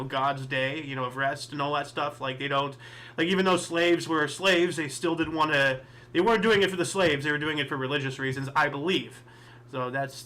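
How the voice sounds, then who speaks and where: A man's voice: sits high, bright, forceful tone. A man hosting a casual history podcast, reading dates and events and rambling into chatty asides with lots of fillers. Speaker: podcast host.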